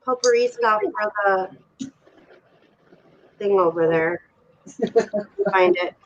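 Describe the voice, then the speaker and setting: Slow, giggly woman, lively pitch, muffled recording. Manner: giggly, scattered explanation. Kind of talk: casual chat. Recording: dull lo-fi sound.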